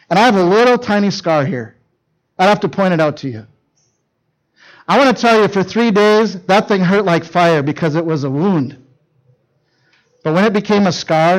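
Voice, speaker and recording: A middle-aged man from northern Minnesota preaching to teens, telling personal stories in an animated way that swings from hushed to loud. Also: sits high, low-quality recording. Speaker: youth speaker. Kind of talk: storytelling sermon.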